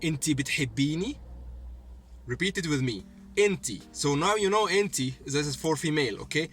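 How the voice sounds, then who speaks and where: A man teaching a language lesson, repeating phrases slowly and often checking in with "okay?". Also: on the high side, expressive, fairly bright tone, soft background music. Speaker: Arabic teacher.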